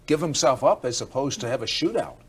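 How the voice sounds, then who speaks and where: An interviewer prompting the guest with short, animated questions. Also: mid-range voice, fairly quick, slightly rough.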